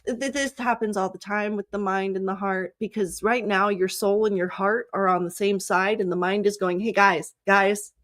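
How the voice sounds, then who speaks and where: A woman's voice: mid-range voice, steady tone, moderate pace, hardly any pauses. A woman from Southern California giving a casual, chatty tarot reading, often breaking into laughter. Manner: giggly, chatty, frequent laughter. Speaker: psychic reader.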